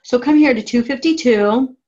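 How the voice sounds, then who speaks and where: A woman teaching a writing class, giving slow, methodical step-by-step instructions on punctuation. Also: a little high, warm tone, muffled recording. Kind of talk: classroom grammar lesson.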